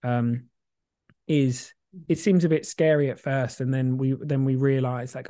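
Reflective man, mellow voice. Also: medium pitch, steady tone, unhurried, no echo, studio quality. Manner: rambling, reflective, many fillers and restarts; swears casually, laughs easily. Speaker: podcast co-host. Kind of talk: casual chat.

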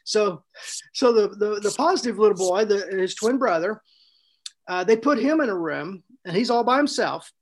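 A man co-hosting a podcast, telling a story in a casual, animated way, laughing often and restarting his sentences. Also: sits high, normal speed. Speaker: podcast co-host and author.

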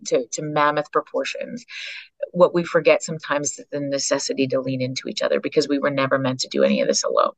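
A woman's voice: low-pitched, no room sound. A woman from Canada, a psychologist and author, telling stories as a podcast guest and acting out the people she quotes. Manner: animated storyteller who acts out quoted voices. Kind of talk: storytelling in a conversation.

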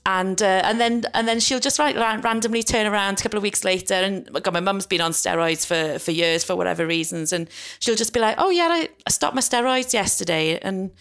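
A woman's voice: mid-range voice, a little fast, few pauses, fairly bright tone, clean tone. A young woman with a Welsh accent talks on a podcast in an easy, chatty way. Her voice sits in the middle of the usual range. She laughs often and leans on fillers as she tells stories. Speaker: podcast co-host, doctor. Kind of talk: casual podcast chat.

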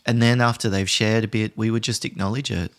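Calm low-voiced man explaining. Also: a little fast. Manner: calm, explanatory, conversational with many restarts. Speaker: podcast host. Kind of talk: instructional podcast monologue.

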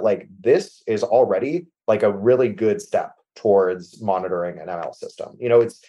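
Speaking over a remote call as a guest on a tech podcast, an MLOps architect explains machine learning practice in a conversational, technical way. His voice is fairly low, his manner casual and packed with fillers like "like" and "you know," and his sentences tend to trail off softly at the end.

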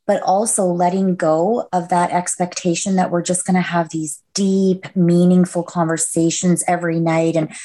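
A woman's voice: on the low side, level tone, normal speed, hardly any pauses, mellow. A woman guest on a podcast, casually sharing her story in a reflective way and laughing at herself.

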